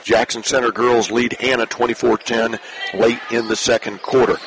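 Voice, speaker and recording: A man announcing a high school basketball game play by play, in brisk clipped calls that rise when a shot scores. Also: little pitch movement. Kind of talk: basketball radio commentary. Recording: noisy online radio broadcast.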